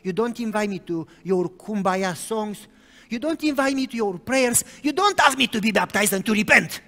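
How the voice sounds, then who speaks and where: An angry, hurting young woman, pitched up with defiant outbursts, as a preacher puts her on. The tone is bright and forceful, with a long reverb as in a hall. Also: expressive, normal speed, gravelly, heavily acted.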